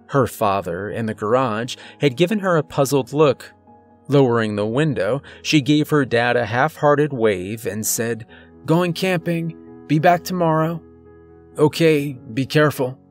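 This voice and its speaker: A man narrating a horror story in a measured, scripted storytelling delivery. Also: on the low side.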